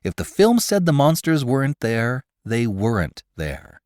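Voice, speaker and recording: A man narrating a short story as the host of a podcast, in an expressive, dramatic reading. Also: mid-range voice, measured pace, few pauses, dry recording, clean studio sound.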